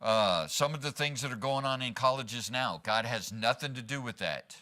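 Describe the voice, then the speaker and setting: A man preaches a sermon as pastor in a church sanctuary, keeping it conversational and often asking the congregation "right?". His medium-pitched voice is animated, bright and forceful, at normal speed.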